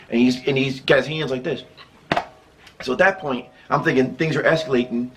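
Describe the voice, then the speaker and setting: A man's voice: mid-range voice, normal speed, long pauses, fairly bright tone, slight background noise. A man from the American Midwest hosting his own channel, telling a casual storytime tale in a rambling, self-interrupting way that keeps breaking into laughter. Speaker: YouTube storyteller.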